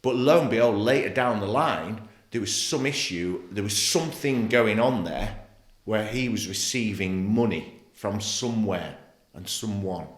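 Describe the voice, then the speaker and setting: A middle-aged Englishman, a former footballer appearing as a podcast guest, tells his personal story bluntly and emotionally, swearing freely. His voice is fairly low and unhurried, with reverb from the podcast studio.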